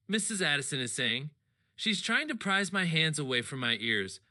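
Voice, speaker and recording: Man narrating a story, animated, expressive, high, very bright voice. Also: moderate pace. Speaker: audiobook reader. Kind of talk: first-person story narration.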